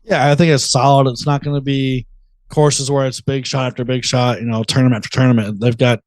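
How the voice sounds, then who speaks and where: A man co-hosting a sports podcast in casual chat, relaxed and fond of sports analogies. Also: medium pitch, fairly quick, no room sound. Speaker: podcast co-host.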